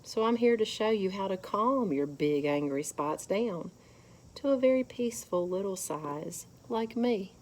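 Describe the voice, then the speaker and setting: A woman tells a children's lesson at a slow, patient pace, her voice rising and falling a lot. She guides young listeners gently through counting and deep breaths. A faint hiss sits behind her. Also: animated. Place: church.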